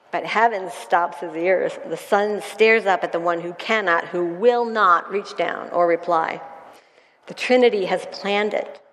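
A woman leading a Bible study, earnestly reading a devotional passage aloud to her group. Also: mid-range voice. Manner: earnest, grows emotional while reading. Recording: echoey hall.

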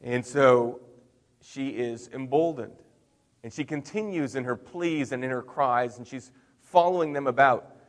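Brief: middle-aged male pastor, mid-pitched, conversational sermon delivery with emphatic swells. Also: unhurried, in a large hall. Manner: conversational preaching with swings in loudness and emphasis.

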